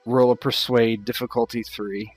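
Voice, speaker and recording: A man narrating as game master of a tabletop game in a relaxed, unhurried way, with fillers. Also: medium pitch, breathy edge, dry recording, faint music behind.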